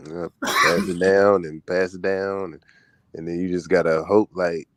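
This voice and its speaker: Very deep-voiced man chatting easily. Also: level tone, slow pace. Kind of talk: casual chat.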